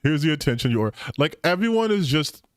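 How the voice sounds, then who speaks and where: A man's voice: a little high, big pitch swings, brisk, no echo, clean studio sound. A young man, streaming and mocking online posts in profane, casual commentary.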